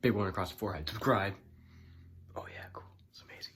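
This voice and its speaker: A man's voice: lowish voice, fast, fairly bright tone, slight background noise. A young man talking straight to his viewers in a teasing, mock-bored way. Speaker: YouTuber. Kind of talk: deadpan talk to camera.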